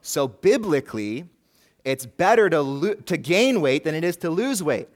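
A man's voice: fairly high pitch, very animated, moderate pace. A man preaching a sermon as pastor, earnest and rising and falling in force, with a light joke now and then. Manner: jokes lightly with the congregation.

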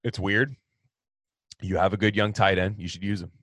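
A man speaking at normal speed hosts a laid-back sports talk, taking fan questions in an animated rant. His volume shifts from loud outbursts to low mutters, and the recording is dry.

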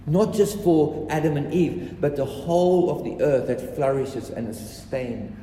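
A man delivers a sermon in a slightly raised pitch, hammering home his points by repeating phrases. His voice rings through a large hall with a long, echoey tail. Faint room ambience sits behind him. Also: a little slow, mellow, a little hiss or hum. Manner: emphatic, repeats key phrases. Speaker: preacher.

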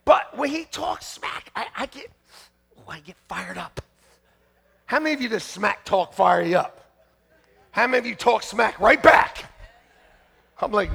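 Fiery high-voiced preacher man. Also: moderate pace, creaky, long pauses, husky. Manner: shouting, fiery, jokey preaching. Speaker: pastor. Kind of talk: sermon. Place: church sanctuary.

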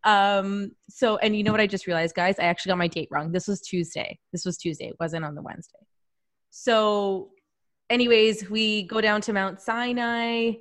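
A woman in her thirties telling a personal story in casual chat, animated and self-deprecating, laughing often. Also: mid-range voice, moderate pace, dry recording, clean studio sound.

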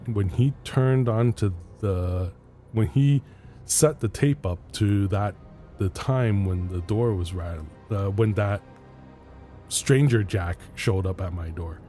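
A man hosting a podcast, casually telling a spooky personal story with pauses, restarts and little laughs. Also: lowish voice, mellow. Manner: rambling, hesitant, laughs between lines.

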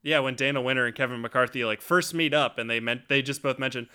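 A man co-hosting a movie podcast, chatty and quick to laugh, quizzing his co-host about trivia. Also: mid-range voice, steady tone, sharp tone, clean tone. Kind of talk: casual chat about films.

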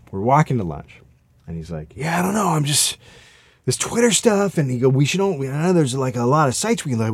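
A man's voice: mid-range voice, slightly rough, no room sound. A man telling a work story in casual chat, swearing freely and acting out the people in it. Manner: profane, animated anecdote-telling.

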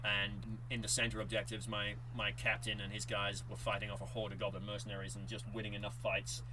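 Guy on a podcast telling a tabletop battle story, gets really animated, faint hiss behind. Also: fairly low pitch, fairly quick. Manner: animated storyteller, acts out dice moments. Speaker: podcast co-host. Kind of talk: casual chat recapping a tabletop game.

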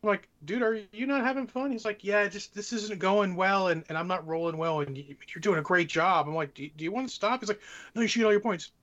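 A man with a somewhat high voice co-hosts a casual podcast and gives swearing advice about keeping games fun. His tone is forceful and bright. The recording sounds dull and lo-fi. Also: brisk. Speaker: podcast co-host. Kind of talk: casual chat.

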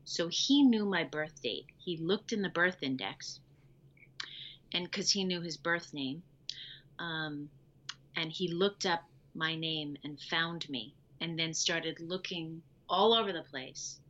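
A woman telling her personal story as an interview guest, lively and acting out the dialogue she recalls. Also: sits low, slow pace, muffled recording. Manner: animated, acts out quoted dialogue.

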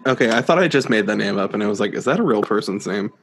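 A man's voice: fairly low pitch, expressive, fast talker, slight background noise. Playful male podcast co-host. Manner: playful, laughs often. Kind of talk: casual chat.

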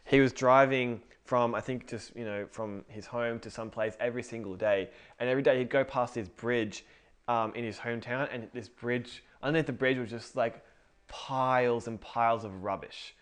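A man in relaxed conversation, his voice sitting at an ordinary middle pitch. He rambles and self-corrects, drifting into long stories about faith with a loose, unscripted flow. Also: moderate pace, clear, resonant tone. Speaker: podcast co-host. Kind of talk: casual faith chat.

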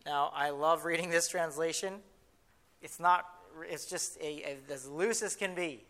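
A man preaching a sermon as pastor, lively and emphatic, slowing down to read scripture aloud. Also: a little high, in a large hall.

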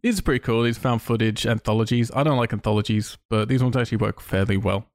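A man co-hosting a podcast in casual chat, enthusiastic and quick, swearing freely. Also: medium pitch, fairly even intonation, no echo, clean studio sound. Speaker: podcast co-host.

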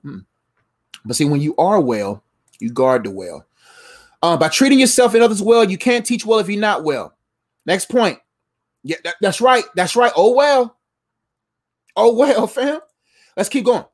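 With a high voice, a man delivers a relaxed motivational sermon, lively and playful, repeating phrases and addressing his listeners as "fam."

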